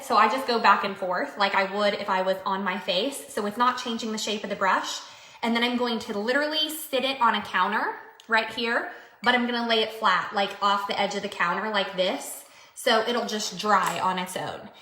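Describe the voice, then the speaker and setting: A woman's voice: medium pitch, normal speed, bright, forceful tone, reverberant. A woman vlogger chatting casually through a beauty product demo, upbeat and full of fillers. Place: home room by mirror.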